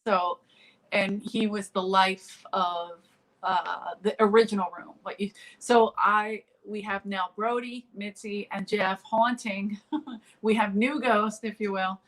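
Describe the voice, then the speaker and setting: A woman's voice: medium pitch, steady tone, slow, fairly bright tone, poor audio. A woman comedian in a casual interview, telling stories full of fillers and restarts over a remote call. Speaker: comedian guest.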